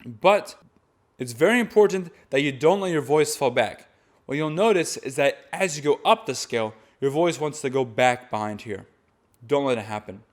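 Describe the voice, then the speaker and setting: Man teaching a vocal projection lesson. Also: on the high side. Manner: instructive, demonstrates sounds between explanations. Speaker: voice and chant teacher.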